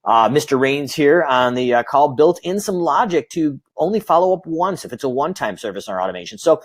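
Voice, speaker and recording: Mid-pitched man hosting a webinar. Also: lively intonation, a little fast, no room sound. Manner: casual, hands off to the co-presenter. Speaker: webinar host.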